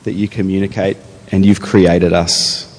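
A man leading an earnest spoken prayer in a steady voice. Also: low-pitched, a little slow, long reverb tail, a little hiss or hum. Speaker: prayer leader.

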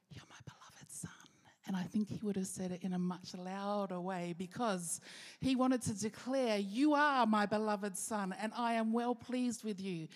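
A woman pastor giving an earnest sermon with rhetorical questions, slowing down for key phrases. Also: medium pitch, darkish tone. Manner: earnest preaching, rhetorical questions, slows for emphasis. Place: church hall. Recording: long hall reverb.

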